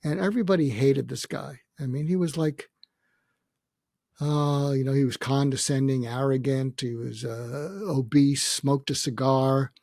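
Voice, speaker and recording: An older man with a gravelly, creaky voice tells a personal story on a podcast. He talks reflectively, with frequent pauses and hesitations. The recording is close and dry. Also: mid-range voice, steady tone, a little mellow, dry recording. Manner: reflective, with many hesitations and quoted dialogue. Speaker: podcast guest. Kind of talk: storytelling in a conversation.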